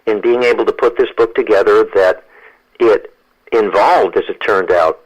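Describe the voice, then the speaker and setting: A man's voice: fairly low pitch, normal speed, slightly rough, low-quality recording. A man in his sixties, a guest author and lawyer, talking emphatically in a radio interview and often repeating words as he goes.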